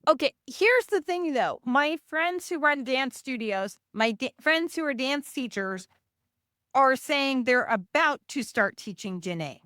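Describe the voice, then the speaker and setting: A woman's voice: high-pitched, animated, a little slow, a bit bright, no echo. Earnest middle-aged woman, dry sound. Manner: earnest, explanatory, with fillers. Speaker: podcast co-host, dance studio owner. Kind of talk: casual chat.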